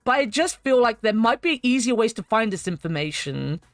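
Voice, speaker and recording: A woman's voice: on the high side, big pitch swings, a little fast, no room sound, clean studio sound, faint music behind. Wry, chatty woman reviewing a game. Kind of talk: game retrospective commentary.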